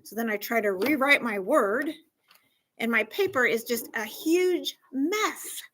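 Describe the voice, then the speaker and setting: Woman, classroom counselor type, bright and higher-pitched, animated, acts things out for kids. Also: a little slow, a little hiss or hum, poor audio. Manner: animated, acts out scenarios, asks the class questions. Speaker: school counselor teaching a class. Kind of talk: classroom lesson to fourth graders.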